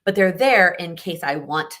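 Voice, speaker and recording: A woman's voice: on the low side, animated, moderate pace, a bit bright. A young woman hosting a live Q&A, chatting casually and giving encouraging advice, often restarting her sentences. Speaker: host answering viewer questions.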